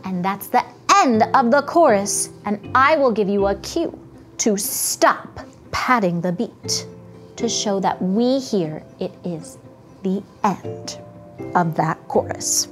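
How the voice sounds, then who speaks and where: A woman reading a rhyming picture book aloud to young children, guiding them gently in a slow, sing-song way. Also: medium pitch, expressive, faint music behind.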